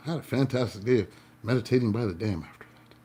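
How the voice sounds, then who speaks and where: A man, a tarot reader and life coach, telling a story to his viewers in a playful way, swinging between loud and hushed and laughing often. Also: mid-range voice, quick pace, slight background noise.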